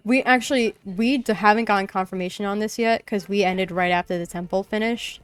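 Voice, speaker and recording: While gaming on stream, a young woman briskly retells a tabletop session in casual, rambling chat loaded with fillers. Her mid-range voice has fairly even intonation and a clean tone with no echo.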